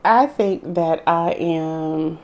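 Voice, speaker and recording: A woman co-hosting a casual chat, sassy and animated, acting out quotes as she tells stories. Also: deep voice, extremely slow. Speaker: podcast co-host.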